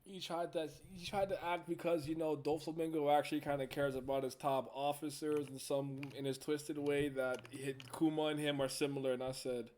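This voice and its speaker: A man in casual chat with friends, talking in an animated, mocking way and stretching words out for emphasis. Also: on the high side, a little fast, few pauses, slight background noise.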